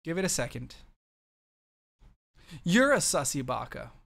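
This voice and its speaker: A man's voice: a little high, sing-song, unhurried, gravelly, fairly bright tone. A man casually commenting on his gameplay, playful and full of meme jokes. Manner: jokey, meme-heavy, playful. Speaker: let's-play gamer.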